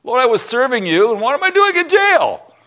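A man's voice: a little high, steady tone, normal speed, lightly acted. A man doing a whiny self-pitying prisoner. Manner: whiny, pleading complaint. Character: self-pitying male prisoner wailing to God.

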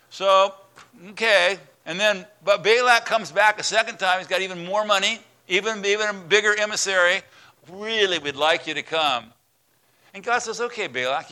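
A man's voice: sits high, pushed and bright. A man preaching a sermon as a pastor, telling a story and acting out its voices.

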